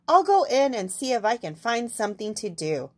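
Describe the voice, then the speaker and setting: A woman's voice: on the high side, very animated, normal speed, a little mellow. Woman putting on a squawking, bossy storybook hen. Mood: determined. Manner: squawking, insistent. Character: bored, bossy little female hen.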